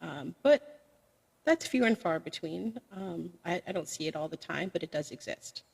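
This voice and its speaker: A woman's voice: lowish voice, expressive, moderate pace, creaky, breathy edge. A woman who streams karaoke, talking frankly and chattily as a podcast guest, with sassy asides. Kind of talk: casual podcast chat. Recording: long reverb.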